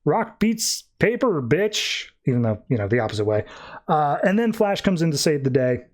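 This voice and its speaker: A man's voice: mid-range voice, big pitch swings, a little mellow. Breezy man recapping comics. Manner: rambling, breezy summarizing with quick mock voices. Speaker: podcast host. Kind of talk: casual comic book recap.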